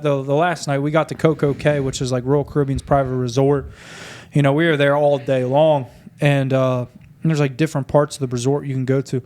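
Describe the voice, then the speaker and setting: A man's voice: mid-range voice, darkish tone. A young man telling a casual, profane story with plenty of laughter, acting out the voices of the people in it. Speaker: podcast co-host.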